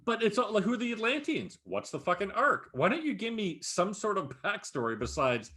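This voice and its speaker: A man co-hosting a podcast, chatting casually and recapping a series. His voice swings up and down as he tells the story, and he swears all the time in a loose, animated way. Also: sits high, brisk. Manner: profane, animated recapping with frequent laughs. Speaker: podcast co-host. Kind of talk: casual chat.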